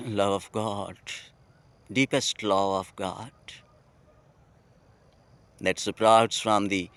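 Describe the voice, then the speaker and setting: A man with a Pakistani English accent speaking a heartfelt, poetic monologue outdoors at night, slowly and with pauses. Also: fairly low pitch, fairly even intonation, a bit bright, clean tone, no echo. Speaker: vlogger.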